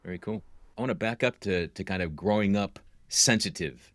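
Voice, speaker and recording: A man's voice: sits low, brisk, fairly bright tone, no echo. A middle-aged man hosting a podcast, asking open, searching questions and sharing his own experience. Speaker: podcast host. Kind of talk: podcast interview.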